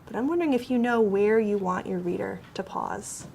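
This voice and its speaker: A woman's voice: mid-range voice, normal speed, vocal fry, slight background noise. Patient woman coaching a young writer. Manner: patient, gentle, explaining step by step; encouraging. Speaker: writing teacher. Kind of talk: one-on-one writing coaching with a child.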